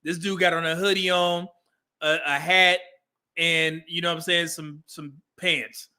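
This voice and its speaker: Bright high-voiced man reacting casually. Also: little pitch movement, a little slow, clear, resonant tone. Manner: laughing, chatty, talks to the screen. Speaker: reaction streamer.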